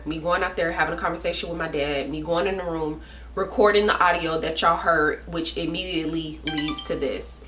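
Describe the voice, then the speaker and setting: A woman's voice: fairly low pitch, a bit bright, slight background noise. Woman, vlogger, casual storytime, emphatic, slangy, repeats for stress, roomy echo.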